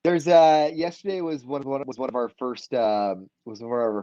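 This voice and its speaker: A man's voice: medium pitch, steady tone, normal speed, warm tone, no echo, highs cut off. A man co-hosting a casual morning show, easygoing and supportive, sometimes hesitating mid-sentence. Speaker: live stream co-host.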